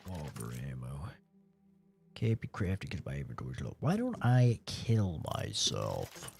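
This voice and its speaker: A man's voice: sits low, wildly swooping pitch, unhurried, creaky, darkish tone, soft background music. A man streaming a horror game, chatting casually over gameplay, swearing and joking around. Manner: profane, joking, blurts silly sing-song noises.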